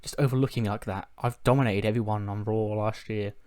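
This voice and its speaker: A man with a fairly low voice talks casually through a wrestling sim playthrough. He slips in and out of quick ad-libbed promos without changing his voice and laughs at his own lines. The sound is dry and close, with no room around it. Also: fairly even intonation, a little mellow, smooth, dry recording. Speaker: let's-play commentator. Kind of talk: casual gameplay commentary.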